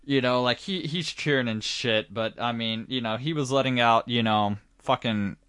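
A man's voice: mid-range voice, normal speed, fairly bright tone, clear, resonant tone, no echo, clean studio sound. A man in casual chat about a horror movie, laid-back and joking, swearing casually.

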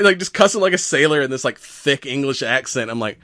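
A man's voice: medium pitch, lively intonation, fairly quick, hardly any pauses, bright, forceful tone, no room sound, clean studio sound. Laughing, swearing podcast co-host man. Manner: laughs often, swears, acts out quoted lines. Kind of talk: casual chat.

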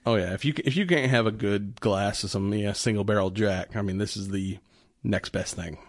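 A man co-hosts a casual podcast segment, talking in a loose, rambling way and often restarting his sentences. His voice sits low. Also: moderate pace, no echo, clean studio sound. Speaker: podcast co-host. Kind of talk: casual chat reviewing beer.

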